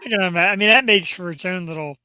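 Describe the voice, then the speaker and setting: A man's voice: high voice, fast, pushed and bright, clean tone, no echo. A man hosting a webcast over a video call, joking around in a goofy, casual way. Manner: goofy, joking, bursts into silly voices. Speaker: host. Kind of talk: casual chat on a live webcast.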